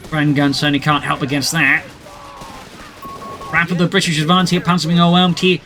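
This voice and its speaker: A man giving brisk play-by-play commentary on a video game match, with dry jokey asides. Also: on the high side, flat delivery, sharp tone.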